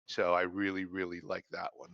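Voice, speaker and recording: A man's voice: low-pitched, monotone, moderate pace, creaky, fairly bright tone, dry recording, lo-fi sound. A man who is a guest on a podcast roundtable, repeating words as he thinks. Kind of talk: casual roundtable chat.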